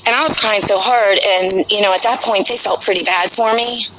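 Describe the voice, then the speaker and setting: A woman's voice: medium pitch, fairly even intonation, moderate pace, background noise. A woman vlogger telling a long personal story to her viewers in a rambling, chatty way, full of fillers, outdoors near a capitol building. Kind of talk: casual storytelling to camera.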